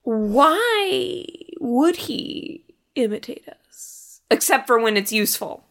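A woman's voice: high voice, very animated, takes it slowly, creaky. A woman co-hosting a podcast, chatting casually about a movie, asking questions and swearing candidly. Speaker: podcast co-host.

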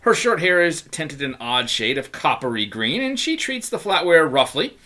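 A man's voice: fairly high pitch, very animated, normal speed, sharp tone. A man running a tabletop game as game master, narrating with many fillers and frequent laughter. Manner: laughs often, lots of fillers.

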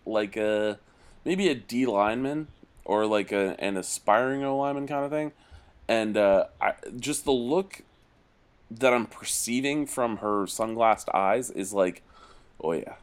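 A man co-hosting a podcast in casual chat, rambling and joking, now and then slipping into put-on accents. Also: fairly low pitch. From Northeast US. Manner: rambling, joking, puts on accents mid-story. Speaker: podcast co-host.

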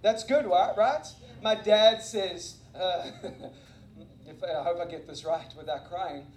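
A man preaching as a guest speaker and missionary, telling stories in an animated, self-mocking way. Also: sits high, unhurried. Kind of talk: energetic sermon with storytelling. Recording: echoey room.

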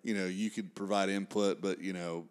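Male host, low voice, easygoing, asks follow-ups. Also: level tone, moderate pace, clear, resonant tone. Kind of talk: casual chat.

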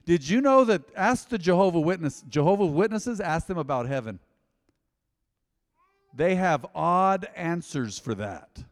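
A pastor preaching a sermon, swinging between loud emphasis and hushed asides. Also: male voice, high-pitched, expressive, measured pace, big-room sound. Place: church hall.

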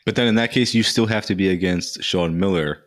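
A man with a deep voice chats on a casual film podcast. He walks through scenes he remembers and retells the lines he liked. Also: a little fast. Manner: chatty, quotes lines with amused laughter. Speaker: podcast guest. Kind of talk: casual movie discussion.

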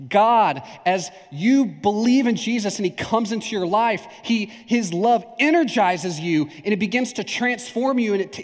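A man preaching a sermon as pastor, talking in a conversational, animated way with asides and acted-out examples. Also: high voice, big-room sound.

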